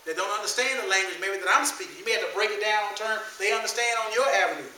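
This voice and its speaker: A male pastor preaching in an animated, colloquial way, with a high and very bright voice. He shifts between loose everyday speech and King James scripture and calls out to his congregation. The recording is echoey and distant, with faint room ambience. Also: fast, a little hiss or hum. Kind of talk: sermon. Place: church sanctuary.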